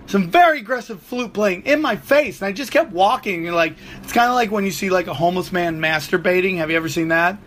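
A man in his forties hosting a podcast, telling a profane, animated comic story on his own. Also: high voice, fast talker, hardly any pauses, a little hiss or hum. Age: 40s. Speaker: comedian podcast host. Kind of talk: solo comedic rant.

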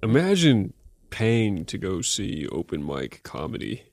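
A man's voice: fairly low pitch, huge pitch swings, measured pace, vocal fry, a little mellow, no echo. A man who is a guest on a casual podcast, making dry, blunt remarks.

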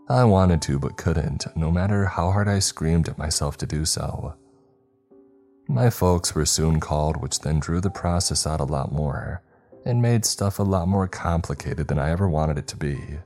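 Very deep-voiced male horror narrator. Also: a little mellow. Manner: measured, dramatic storytelling. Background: faint music.

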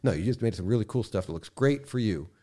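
A man speaking as a podcast guest in casual conversation, impassioned, swearing freely and swinging from quiet to loud bursts. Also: on the low side, lively intonation, fast talker.

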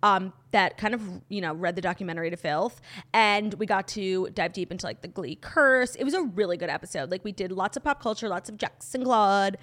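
A woman co-hosting a podcast in casual chat, gushing and full of "like" fillers, her voice a little hoarse. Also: medium pitch, a little fast, fairly bright tone. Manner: chatty, gushing, lots of "like" fillers. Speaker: podcast co-host.

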